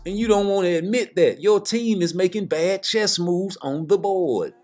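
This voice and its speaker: High-voiced man on a blunt boxing rant. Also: normal speed, a little mellow, soft background music. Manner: blunt, heated, repeats himself for emphasis. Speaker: boxing commentator. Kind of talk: casual profane rant.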